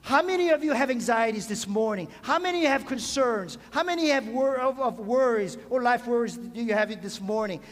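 A man's voice: very high-pitched, lively intonation, moderate pace, hardly any pauses. A man preaching a sermon as pastor, asking the congregation questions and calling for amens. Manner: preaching with call-and-response questions. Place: church sanctuary. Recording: long hall reverb.

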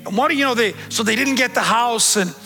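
A middle-aged man preaching a sermon in church as pastor, joking and animated, with bits of street slang. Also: extremely high pitch, quick pace, in a large hall, faint music behind.

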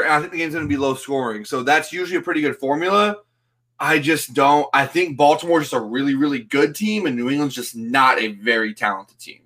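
A man's voice: a little high, brisk, bright, forceful tone. A man co-hosting a sports betting podcast, talking casually and laughing easily.

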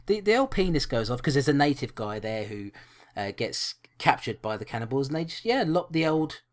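A man's voice: medium pitch, very animated, brisk. A man co-hosting a podcast, chatting casually about a film in a rambling, jokey way with frequent restarts. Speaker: podcast co-host. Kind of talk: casual film review chat.

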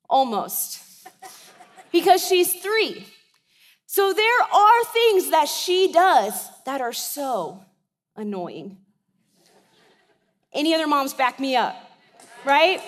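A woman pastor in her thirties with a high voice, preaching a sermon in a chatty style and asking the congregation to agree as she goes. Her voice carries the long reverb of a big church sanctuary. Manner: conversational preaching, checks in with the congregation.

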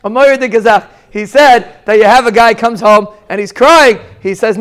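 A man with a high, smooth, clear voice teaches a Torah lesson. He is animated and tells stories, and his voice climbs sharply when he stresses a point. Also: normal speed, few pauses. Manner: animated, storytelling, pitch jumps up for emphasis. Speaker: Torah teacher giving a daf shiur. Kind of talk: lively Torah lecture with Yiddish and Hebrew terms.

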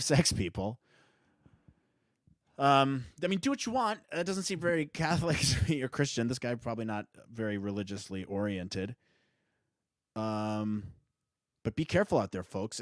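A man talking alone into a close mic for his podcast, his voice sitting on the low side. He wanders from thought to thought, restarts sentences and laughs easily. The sound is dry, with no room in it. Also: no echo. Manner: rambling, self-interrupting, laughs often. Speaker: podcast host. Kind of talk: solo podcast monologue.

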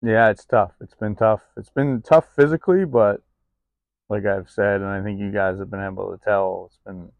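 A man with a low, gravelly voice talks in a loose, confessional vlog, full of ums and restarts. The sound is close and dry, recorded outdoors in the cold. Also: steady tone, normal speed, no echo, phone-quality sound. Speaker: vlogger. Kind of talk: candid personal vlog.

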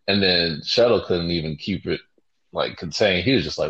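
A man's voice: sits low, a little fast, slightly rough. A man telling a work story in casual slang, laid-back and amused. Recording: dull lo-fi recording.

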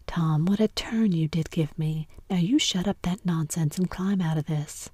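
A woman voicing a stern but loving old aunt, a whispered role-play with brisk scolding. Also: fairly low pitch, a little mellow, slightly rough, no echo.

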